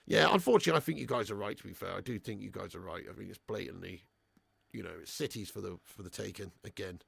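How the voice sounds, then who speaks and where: Young man, football fan streamer, sweary banter, raspy fry, bright tone, dry close mic. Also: fairly low pitch, fast, no echo. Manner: reads out viewer super chats. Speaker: fan channel host. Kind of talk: live match watch-along chat.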